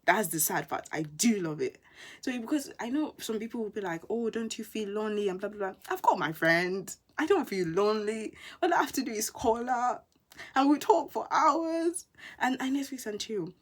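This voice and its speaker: A young woman, a university student telling stories in a casual vlog, animated and full of quoted asides. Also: on the high side, normal speed, husky. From England. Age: young adult.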